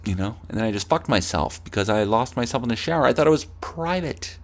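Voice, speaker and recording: A man's voice: medium pitch, lively intonation, normal speed. A young man hosting a comedy podcast, ranting profanely and acting out heated arguments with himself. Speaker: podcast host. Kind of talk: comedic rant.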